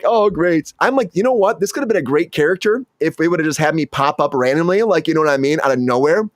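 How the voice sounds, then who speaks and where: Male host, actor, animated storyteller; slightly high voice, dry close recording. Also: quick pace, dry recording. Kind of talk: casual chat.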